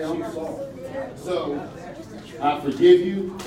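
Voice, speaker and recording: A man's voice: medium pitch, lively intonation, a little slow. Earnest man pleading in an echoey hall. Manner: earnest, repeats himself, pleading. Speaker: public commenter. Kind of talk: public comment at a council meeting. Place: large meeting hall with a crowd. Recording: echoey hall, distant, crowd noise.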